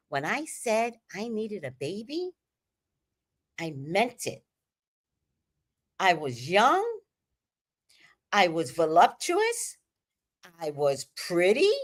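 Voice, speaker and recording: Animated woman with a lively voice. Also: mid-range voice. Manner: animated, swinging between loud emphasis and hushed asides, profane. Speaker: livestream host. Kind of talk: candid personal storytelling.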